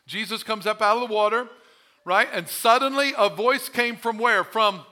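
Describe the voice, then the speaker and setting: A man's voice: sits high, moderate pace, sharp tone. A male pastor preaching a sermon, emphatic and full of rhetorical questions.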